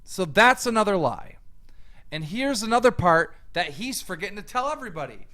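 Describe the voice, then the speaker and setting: A man's voice: sits high, big pitch swings, moderate pace, sharp tone. A man ranting angrily and profanely, mocking the person he answers. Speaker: YouTube commentator. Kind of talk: heated rant.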